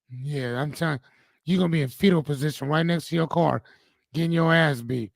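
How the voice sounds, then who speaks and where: Animated man hosting a joking live chat. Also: a little high, a little fast, gravelly, no echo. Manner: animated, joking, slangy, reads viewer comments. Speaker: host and coach. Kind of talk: live stream chat reading comments.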